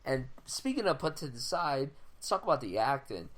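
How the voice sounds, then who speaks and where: A man's voice: medium pitch, sing-song, moderate pace, a bit bright. A young man co-hosting a film podcast, giving blunt, casual reviews, swearing often and restarting his sentences. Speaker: podcast co-host. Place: home, audio only.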